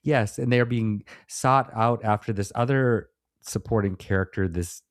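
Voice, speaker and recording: A man's voice: lowish voice, normal speed, no echo, clean studio sound. A man co-hosting a podcast, laughing often and adding plot details in casual chat. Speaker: podcast co-host. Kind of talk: casual film review chat.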